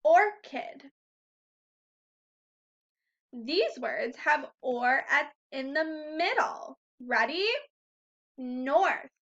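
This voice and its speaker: A woman teaching phonics to young children in a high, bright voice. She talks slowly and clearly, stretching out sounds and praising often. The recording is a little dull and lo-fi. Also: animated. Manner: slow, clear, encouraging teacher talk with drawn-out sounds. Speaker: first grade teacher.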